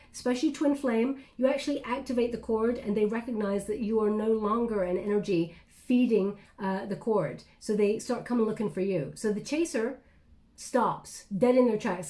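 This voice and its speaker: A woman giving an intuitive tarot reading to camera, chatty and reflective, with many pauses and restarts. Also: fairly high pitch, warm tone. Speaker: tarot reader.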